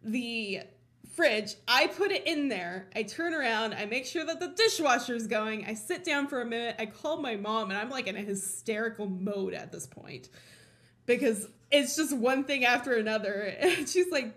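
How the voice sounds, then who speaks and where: A high-pitched woman from Colorado tells a chaotic everyday story on her podcast in a loose, chatty way. Her tone is bright and forceful, and she laughs and swears often. She acts out her own thoughts, jumping up for the punchlines. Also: lively intonation, normal speed. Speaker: podcast host. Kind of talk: casual storytelling.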